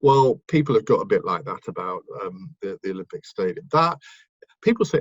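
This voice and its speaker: A man's voice: low-pitched, very animated, a little fast, breathy edge, no echo, dull audio. A man, a broadcaster and author, chatting as a guest and reminiscing in a rambling way with many ums and restarts. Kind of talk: casual interview reminiscence.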